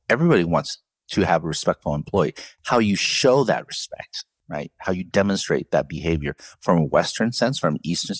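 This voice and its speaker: Deep husky man telling stories. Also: dry recording. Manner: storytelling, animated when quoting others, laughs often. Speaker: CEO of a professional association, guest. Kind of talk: conversational interview answers.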